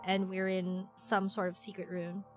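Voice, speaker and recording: A woman's voice: medium pitch, completely flat delivery, moderate pace, faint music behind. A young adult woman streaming a game, chatting casually in a rambling, self-deprecating way with lots of restarts and giggles. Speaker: VTuber streamer.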